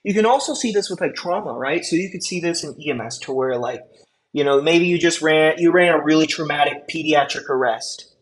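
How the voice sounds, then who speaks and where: Lecturing an EMT class, this instructor keeps things casual, peppering his talk with fillers and checking in with students often. He speaks a little fast at a fairly high pitch, on a rough recording with slight background noise.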